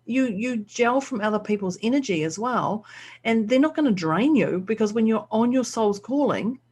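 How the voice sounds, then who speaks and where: A woman's voice: on the high side, moderate pace, slight background noise. A woman, a podcast co-host and coach, chatting casually and acting out bits of dialogue as she tells stories. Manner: animated storyteller, acts out quoted dialogue. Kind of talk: casual chat.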